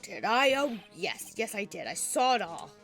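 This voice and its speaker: A woman's voice: medium pitch, big pitch swings, normal speed, a bit bright, soft background music. A woman voicing a grumpy, stubborn old male witness in a put-on French-sounding accent. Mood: grumbling. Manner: gruff, grumbling.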